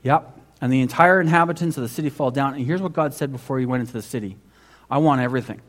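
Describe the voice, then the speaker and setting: A man preaching a sermon, telling the story in a conversational way, asking the congregation questions and swinging between loud emphasis and hushed asides. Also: medium pitch, fast talker. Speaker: pastor.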